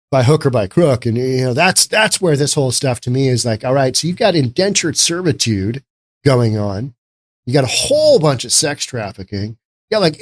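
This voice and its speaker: A man giving casual political commentary in a sarcastic, rambling way. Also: mid-range voice.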